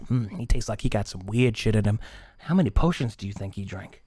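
Tabletop game: man putting on a crude Mexican-accented cartel leech boss, drawling, lower and pushier than his own voice. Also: lively intonation, fairly quick, dark tone, a little hiss or hum, lightly acted. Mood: menacing. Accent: Mexican Spanish slang put on. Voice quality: thuggish, drawling gangster talk.

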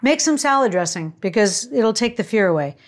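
A woman's voice: mid-range voice, lively intonation, fairly quick. A woman hosting a cooking show, chatting to viewers in a gushing, casual way as she demonstrates a recipe.

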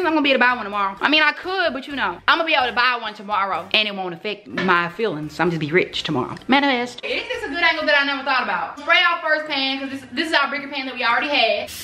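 A woman's voice: high voice, sharp tone. A young woman vlogging casually from her home kitchen, rambling and chatty, talking to her viewers as y'all. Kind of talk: casual chat. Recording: echoey room.

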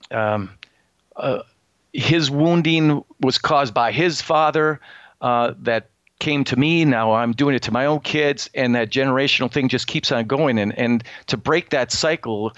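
Earnest, halting middle-aged man. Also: medium pitch, a bit bright, dry recording. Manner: earnest, halting, many restarts and fillers. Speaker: guest. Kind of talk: interview, personal testimony. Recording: slightly dull, lo-fi sound.

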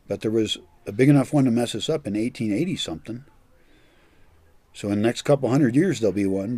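Older man, blunt ranting vlogger, profane, dark mellow tone, husky, dry close sound. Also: medium pitch, dry recording. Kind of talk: ranting monologue.

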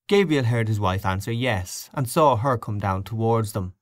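A man reading a literary short story aloud as an audiobook narrator, in a measured, expressive way. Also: fairly low pitch, no room sound, studio quality.

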